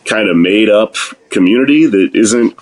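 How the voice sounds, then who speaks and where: A man chatting as a podcast guest in a slightly low voice. He rambles, swears freely and breaks into laughter as he talks things through. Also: animated, normal speed. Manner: rambling, profane, laughs often. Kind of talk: casual podcast conversation.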